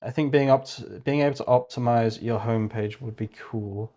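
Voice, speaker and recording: A man's voice: medium pitch, moderate pace, warm tone. A man with a British accent livestreaming casually, thinking aloud and muttering as he works. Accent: British English. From Britain. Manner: muttering, rambling, self-correcting.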